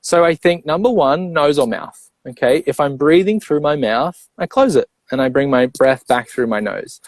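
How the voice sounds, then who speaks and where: A man coaching on breathing, explaining step by step in a clear, teacherly way and checking in with the listener as he goes. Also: fairly high pitch, animated, moderate pace, no echo. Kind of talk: explanatory interview talk.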